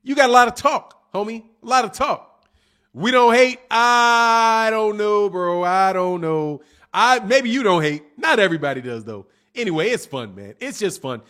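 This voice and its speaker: A man with an unusually high voice hosts a casual livestream. He rambles quickly and teases his viewers with cocky trash talk, often restarting his sentences. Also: lively intonation, pushed and bright. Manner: cocky, teasing, trash-talking; fast, rambling, with restarts and laughs. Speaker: livestream host.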